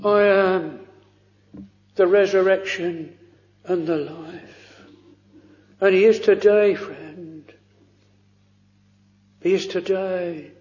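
A man preaching a sermon, slow and fervent, drawing out pleading phrases. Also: high-pitched, steady tone, darkish tone. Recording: dull lo-fi recording in a reverberant hall.

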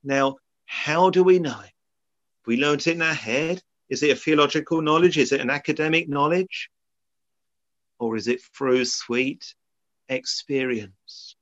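A man's voice: fairly high pitch, a little slow, fairly bright tone. A man preaching a sermon in a solemn, earnest way, often quoting old scripture. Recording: dull lo-fi sermon recording.

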